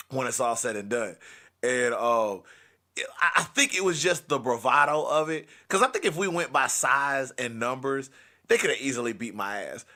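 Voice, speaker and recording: A young man doing stand-up storytelling, animated and switching into loud, angry put-on rants. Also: mid-range voice. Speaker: comedian telling a story.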